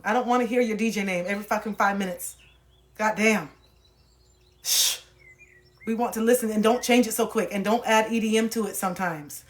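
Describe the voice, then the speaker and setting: A young woman livestreaming, ranting casually and profanely to her viewers in an animated way. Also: medium pitch.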